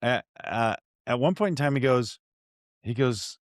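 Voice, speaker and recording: Lively man hosting a podcast. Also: medium pitch, normal speed, no echo, studio quality. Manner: animated, self-deprecating storyteller with frequent restarts. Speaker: podcast host. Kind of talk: conversational interview.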